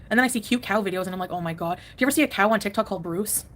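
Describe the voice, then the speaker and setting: A woman's voice: medium pitch, rapid-fire. A woman hosting a casual live stream from home, rambling, chatting with viewers and laughing often.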